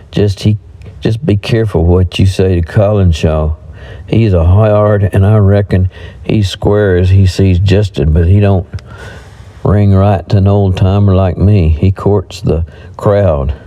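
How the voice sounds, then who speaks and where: A man's voice: low-pitched, mellow. A man voicing a genial old frontier man who talks in a folksy, homespun drawl, for a western audiobook.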